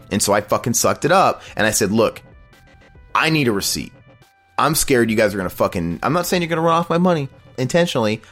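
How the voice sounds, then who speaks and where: A man's voice: medium pitch, a bit bright. A man hosting a podcast, telling a long, profane complaint story in casual chat and mocking the people he quotes. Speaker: podcast host.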